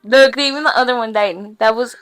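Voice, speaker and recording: A woman's voice: on the high side, fairly quick, fairly bright tone. A young woman telling wild stories on a casual podcast, slangy and full of swearing, laughing as she goes. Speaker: podcast guest. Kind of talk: casual storytelling. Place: small room with podcast lights and mic.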